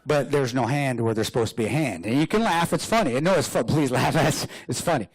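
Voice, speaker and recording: A man giving a lively storytelling speech as a guest speaker, joking and laughing often. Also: mid-range voice, brisk, breathy edge. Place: hotel banquet room.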